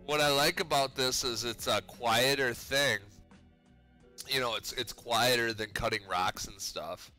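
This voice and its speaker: Crafting pipe rings in his garage workshop, a Minnesotan livestreamer from the Twin Cities talks in an easygoing way, cursing frequently. He speaks unhurriedly with a mid-range, sharp-toned voice and a Minnesotan accent. Faint music plays behind him.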